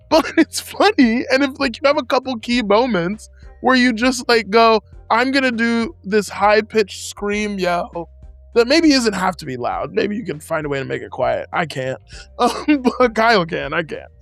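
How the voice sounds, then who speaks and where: A man's voice: sits high, expressive, moderate pace, gravelly, fairly bright tone, no echo, faint music behind. A man co-hosting a tabletop gaming show, chatting casually and laughing as he rambles about character voices. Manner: laughing, rambling, with many fillers.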